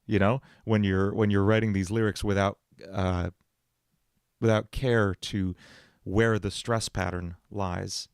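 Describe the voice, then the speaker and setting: A man with a lowish, gravelly voice chats casually while writing a song in his home studio. He thinks aloud, pauses with fillers, and answers viewers' questions. The sound is dry and close, with no room echo. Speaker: musician and livestream host. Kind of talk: casual livestream songwriting chat.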